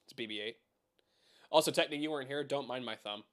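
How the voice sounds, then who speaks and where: A man's voice: medium pitch, fast, a bit bright. A young man hosting a casual live stream from home, rambling, swearing and chatting with viewers about keyboards. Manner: rambling, swears, laughs often, talks to chat.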